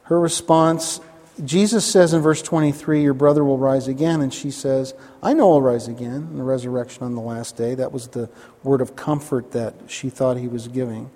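A man's voice: mid-range voice, fairly even intonation, moderate pace, dark tone. Man preaching in a reverberant hall. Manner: conversational preaching with frequent "right?" asides. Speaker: pastor. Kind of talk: sermon.

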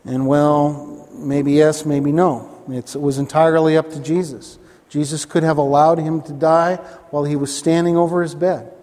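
A male pastor preaching a sermon in a conversational way, often checking in with the congregation with quick asides. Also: on the high side, level tone, warm tone, big-room sound.

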